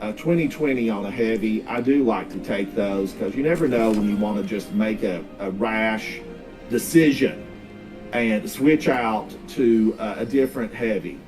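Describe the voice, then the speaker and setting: A man's voice: on the low side, moderate pace, a little mellow, faint music behind. A man from the North Carolina mountains with a Southern accent, chatting casually and rambling in folksy asides while he streams a game. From North Carolina, Smoky Mountains. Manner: rambling, folksy, drawls out words. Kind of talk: casual gaming livestream chat. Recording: distant mic, faint background noise.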